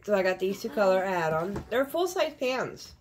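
A middle-aged woman chatting casually through a beauty unboxing, blunt and quick to cuss. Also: mid-range voice, very animated, slight background noise. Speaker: beauty vlogger.

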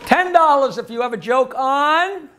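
A man's voice: very high voice, animated, a little slow, bright, forceful tone, a little hiss or hum. A man in his sixties hosting a comedy club show, telling dirty jokes and laughing at his own punchlines. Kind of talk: stand-up joke telling.

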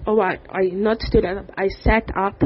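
A woman gives a personal faith testimony. She speaks haltingly and fills her pauses with "like" and "um". The recording is dull and lo-fi, with a faint hiss behind her. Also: medium pitch, little pitch movement. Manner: halting, with frequent "like" and "um".

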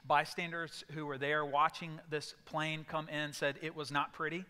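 A man's voice: on the high side, flat delivery, moderate pace, few pauses, bright, forceful tone, clear, resonant tone, big-room sound. A male pastor giving a sermon, telling stories and acting out voices in bursts. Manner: storytelling with sudden acted outbursts. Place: church sanctuary.

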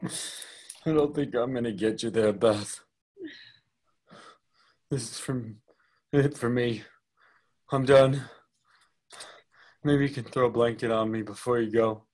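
A man's voice: mid-range voice, slow pace, pauses often, darkish tone. A man playing a weary dying man. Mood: resigned. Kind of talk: stage drama reading.

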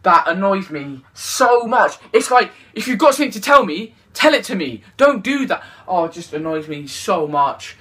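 A young man, ranting loudly and excitably to the camera in a gaming vlog. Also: high voice, normal speed, few pauses, slightly rough. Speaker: YouTuber.

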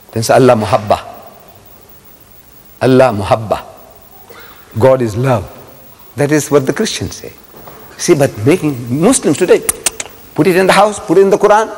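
Older South African man lecturing, echoey hall. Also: a little high. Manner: animated storyteller with rhetorical questions to the crowd. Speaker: Islamic lecturer. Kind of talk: religious lecture to a live audience. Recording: echoey hall with long reverb.

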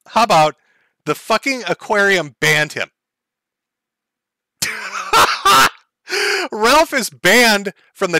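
A man's voice: high voice, bright, forceful tone, dry recording. A man hosting a comedic commentary show, mocking and profane, often laughing at his own jokes. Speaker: commentary host.

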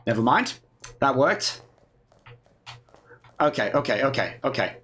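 A man's voice: mid-range voice, expressive, unhurried, pauses often, pushed and bright, soft background music. A man giving casual, self-mocking gameplay commentary with sarcasm and swearing. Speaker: let's play gamer.

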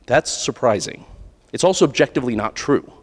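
A man's voice: medium pitch, animated, a little fast, husky. An American man giving a keynote speech at a conference in an earnest, conversational way, often restarting phrases and adding "right?" asides. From United States. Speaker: keynote speaker. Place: large conference hall. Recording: long hall reverb.

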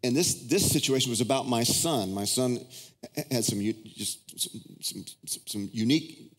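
Pastor preaching in a reverberant hall. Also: male voice, moderate pace. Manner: storytelling, swings into high excited acted-out prayers. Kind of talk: sermon. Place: large church auditorium.

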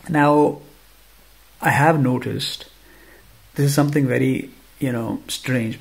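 A man with an Indian accent giving a casual phone review, ranting in an animated, exasperated way. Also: medium pitch, vocal fry, breathy edge. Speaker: tech reviewer.

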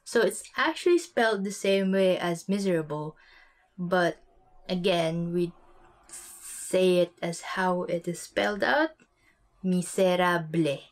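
A woman teaching vocabulary in a relaxed, chatty way. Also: lowish voice, measured pace. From Philippines. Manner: relaxed, chatty explanations with light laughs. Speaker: language teacher. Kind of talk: casual vocabulary lesson.

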